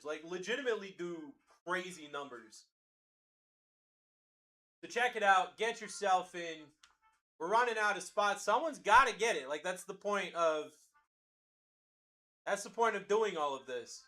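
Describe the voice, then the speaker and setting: A man hosts a live card-break stream with a high, bright voice. He keeps up a fast, hyped sales patter and talks straight to chat as he calls out players. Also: lively intonation. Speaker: card break livestream host.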